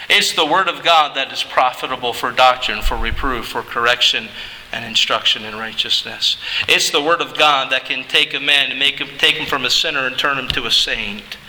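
A man pastor preaching an emphatic sermon that builds at times to shouting. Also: medium pitch, in a large hall, slight background noise, poor audio.

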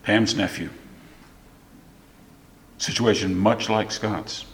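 A man preaching a sermon as pastor, moving from soft, confiding storytelling to rising, emphatic declarations. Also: on the low side, steady tone, slow, roomy sound, long reverb tail, a little hiss or hum.

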